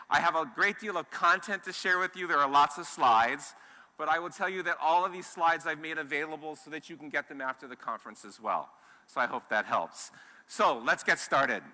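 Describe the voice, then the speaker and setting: A middle-aged man from Hawaii gives a keynote on a conference stage, eager and full of restarts. His voice is bright and forceful, a touch higher than most men. It rings through a large hall. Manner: warm, enthusiastic, with restarts. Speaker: conference speaker. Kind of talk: keynote talk to a live audience. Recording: long hall reverb.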